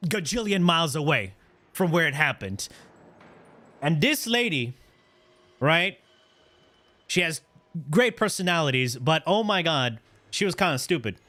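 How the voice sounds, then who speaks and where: A Canadian man in his thirties streams while telling his chat a long personal story, animated, slangy, and profane, checking in with "right?" again and again. His voice is a little high, measured in pace, with frequent pauses.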